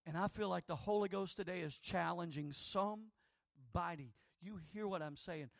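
Male preacher, high gravelly voice, fervent delivery from shout to hush. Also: normal speed, dry recording, clean studio sound. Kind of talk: sermon.

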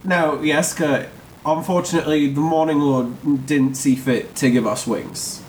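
A man's voice: a little high, fairly even intonation, a little slow, echoey room, a little hiss or hum, natural voice, poor audio. A man voicing a flustered, apologetic village priest with a put-on accent. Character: adult male village priest, flustered and polite.

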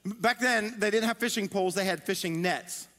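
High-voiced preacher in a ringing hall. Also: male voice, normal speed. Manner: storytelling, conversational, animated. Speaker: pastor. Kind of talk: sermon. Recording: long hall reverb.

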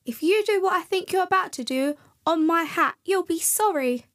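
A woman's voice: very high voice, expressive, moderate pace, fairly bright tone, voice pushed up. A woman voicing a grumpy male snowman who moans and complains. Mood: moaning. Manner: moaning, complaining.

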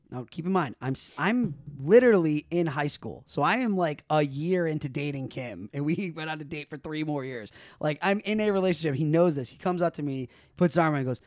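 Young male podcast co-host, rapid and animated, swearing freely and doing quick voices for others, recorded dry and close. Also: a little high, no room sound. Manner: animated, profane, acts out other people's voices. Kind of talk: casual podcast storytelling.

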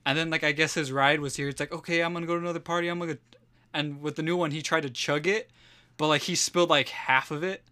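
A man's voice: on the high side, steady tone, a little fast, pushed and bright. A man co-hosting a casual podcast, chiming in and stumbling over words as he tells a party story. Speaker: podcast co-host. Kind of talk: casual chat.

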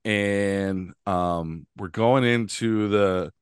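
A man's voice: lowish voice, extremely slow, smooth, dry recording, studio quality. Chatty, laughing man telling road stories. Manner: rambling storyteller, laughs often, many restarts. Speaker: podcast host. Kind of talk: casual chat.

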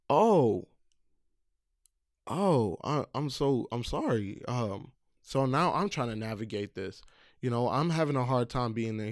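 A man's voice: mid-range voice, darkish tone, no room sound, studio quality. A man casually telling a heartfelt personal story, earnest, with frequent fillers and restarts. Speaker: storyteller recalling camp counseling.

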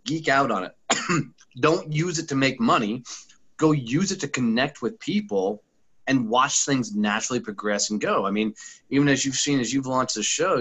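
A man's voice: medium pitch, fairly bright tone, husky, low-quality recording. A man, a podcast guest and former sales trainer talking bluntly and profanely in a casual interview, full of anecdotes.

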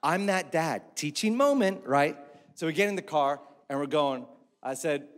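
A man in his thirties or forties preaching with a high-pitched voice, telling a family story with animated, self-mocking humor. His voice carries a long echo from a large church hall. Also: normal speed. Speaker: pastor. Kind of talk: sermon with a personal story.

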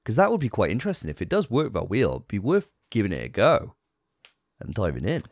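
Man, podcast co-host, fairly low lively voice, dry sound, chatty. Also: fast talker, no echo. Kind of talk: casual gaming podcast chat.

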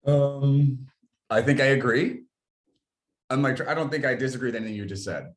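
A man's voice: medium pitch, moderate pace. A man hosting a podcast, asking curious, probing questions in a casual way, with plenty of filler words. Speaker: podcast host. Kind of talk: casual interview chat.

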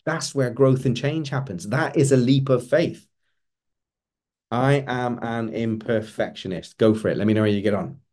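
A man's voice: mid-range voice, brisk, hardly any pauses, a little mellow. A middle-aged man, a coach giving an earnest motivational talk and repeating words for emphasis.

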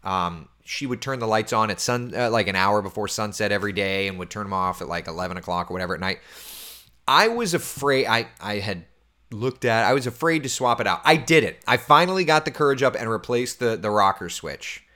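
A man in his thirties hosts an easygoing morning chat, speaking a little fast in a fairly low voice. He reads comments from viewers and talks about how his week went, animated and chatty, laughing a lot and at times quieting to a near-whisper.

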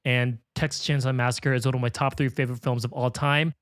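A man's voice: medium pitch, level tone, quick pace, dry recording. A man hosting a film podcast, chatting casually and reading out listener emails, upbeat and laughing often. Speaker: podcast host.

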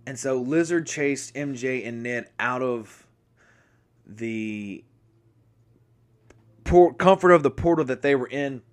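A man's voice: medium pitch, slow pace, long pauses. A man talking casually as a podcast host, going over a film from memory. His delivery rambles, with frequent restarts and self-corrections. He apologizes now and then for jumping around. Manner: speaks from memory, apologetic and excitable. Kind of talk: casual spoken movie recap.

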